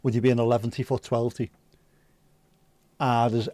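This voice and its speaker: A man's voice: medium pitch, little pitch movement, normal speed, pauses often, dark tone, dry recording. Man, 50s, livestream host, chatty storyteller, swears freely, dry close sound. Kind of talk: casual chat reading viewer comments.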